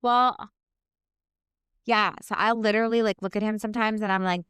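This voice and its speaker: A woman's voice: medium pitch, steady tone, normal speed, pauses often, fairly bright tone, clean tone, dry recording, studio quality. A woman co-hosting a podcast in casual chat, speaking candidly, swearing freely and acting out quarrels in quoted voices. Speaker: podcast co-host.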